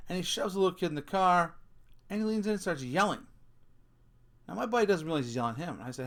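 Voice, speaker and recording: A man's voice: sits high, sing-song, quick pace, fairly bright tone. A middle-aged man vlogging a casual rant, telling a story with swearing and laughing at himself.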